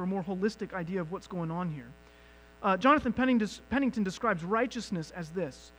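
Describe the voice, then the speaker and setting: A man preaching a sermon as pastor, moving from quiet reflection to loud, emphatic questions. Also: high-pitched, poor audio.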